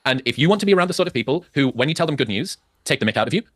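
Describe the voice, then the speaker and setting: A man from the UK talking on a podcast in an eloquent, rapid way with quick turns of phrase. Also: a little high, animated, dry recording. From United Kingdom. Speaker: podcast guest. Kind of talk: podcast conversation.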